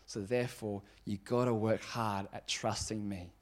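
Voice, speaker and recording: A pastor giving a conversational, emphatic sermon, dropping low and quiet on serious points. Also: male voice, steady tone, normal speed.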